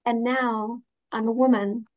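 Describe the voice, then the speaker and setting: Gentle, heartfelt woman with a higher, even voice. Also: a little slow, lo-fi sound. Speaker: interview guest. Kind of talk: reflective interview conversation.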